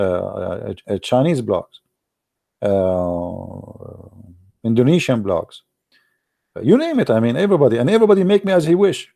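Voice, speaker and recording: A middle-aged man whose first language is not English hosts a casual commentary show in a small room at home. His voice is dark and gravelly, close to a desk mic in a dry space. He talks sarcastically and keeps circling back to "my friend.". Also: mid-range voice, dry recording. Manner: sarcastic, repeats words, says "my friend". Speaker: online show host.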